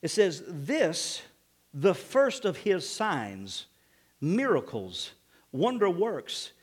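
A man preaching a sermon as pastor, animated, with frequent calls of amen and acted-out quotes. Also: sits high, extremely slow.

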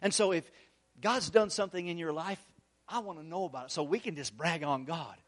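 A pastor preaching a sermon, telling a story in an earnest, emphatic way. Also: male voice, fairly high pitch, brisk. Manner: storytelling, acts out the quoted voices.

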